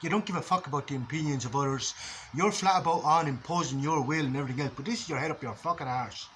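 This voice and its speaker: A man's voice: fairly high pitch, fast talker, fairly bright tone, slight background noise, rough recording. An Irish man giving a blunt, rambling philosophical monologue, swearing freely as a vlogger.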